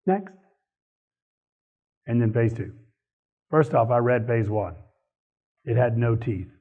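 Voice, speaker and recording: A man giving a live talk to an audience, animated and opinionated, laughing between points. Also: medium pitch, takes it slowly. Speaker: speaker on economic policy. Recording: husky voice over a tinny phone-like line.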